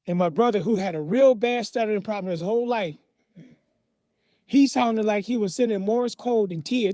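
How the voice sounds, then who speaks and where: A man's voice: high voice, dry recording, studio quality. A man telling a personal story from his childhood in a vivid, dramatic way. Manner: animated, vivid, dramatic pauses.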